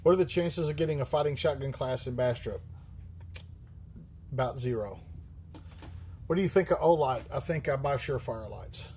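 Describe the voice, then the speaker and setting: A man's voice: mid-range voice, moderate pace, long pauses, darkish tone, a little hiss or hum. A man hosting a livestream who answers viewer questions in a rambling, joking way, swearing often and using many fillers. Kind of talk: casual live-stream chat.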